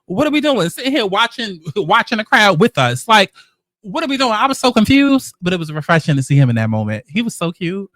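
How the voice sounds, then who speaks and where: A male host giving casual reality-show commentary with sass and plenty of swearing. His voice sits high and sounds bright and sharp. The recording is dry and close to the mic. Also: brisk, dry recording. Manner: sassy, profane, animated storytelling.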